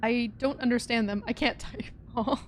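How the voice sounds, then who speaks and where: A woman's voice: on the high side, normal speed, a little hiss or hum. A young woman streaming a puzzle game, chatting in a rambling way and laughing often. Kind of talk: casual let's-play chat.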